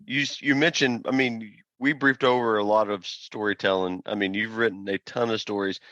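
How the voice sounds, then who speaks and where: A man's voice: fairly low pitch, steady tone, normal speed, pushed and bright, no room sound. A man hosting an interview, encouraging his guest and asking follow-up questions. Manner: encouraging, frequent affirmations. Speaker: podcast host. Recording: dull, slightly muffled dry sound.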